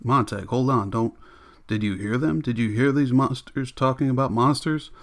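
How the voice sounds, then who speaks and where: A man's voice: mid-range voice, normal speed, natural voice. A man reading a novel aloud, voicing an agitated, defiant fireman who talks in urgent outbursts. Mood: outraged.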